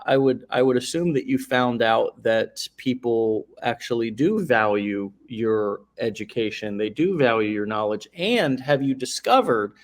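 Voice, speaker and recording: A man's voice: mid-range voice, measured pace, few pauses. A man hosting a live interview show, talking effusively and rambling through long questions. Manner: effusive, rambling, many restarts and fillers. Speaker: host.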